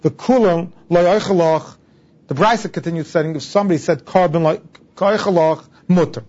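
Man teaching Talmud, husky lo-fi voice. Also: fairly high pitch, normal speed, darkish tone. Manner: explains step by step, repeats terms for emphasis. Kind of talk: Talmud class lecture. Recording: dull lo-fi recording.

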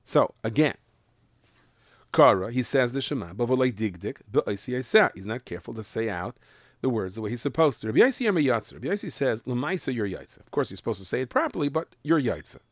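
A man's voice: mid-range voice, sing-song, quick pace, no echo, clean studio sound. A man teaching a Mishnah class, explaining the text and sounding out words carefully. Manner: explains in English mixed with Hebrew and Yiddish terms, stressing pronunciation. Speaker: Torah teacher.

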